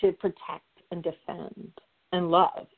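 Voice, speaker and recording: A woman's voice: fairly low pitch, flat delivery, takes it slowly, gravelly. Emphatic woman on a tinny line. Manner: emphatic, repeats key phrases for stress. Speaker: guest, nonprofit consultant and facilitator. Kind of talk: conversational discussion.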